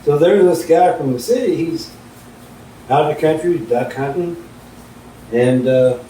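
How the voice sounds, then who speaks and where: A middle-aged vlogger tells folksy stories in a warm, relaxed, unhurried way while cooking in his home kitchen, away from the camera. The camera mic sits far from him, so the sound is roomy and distant with a faint rumble.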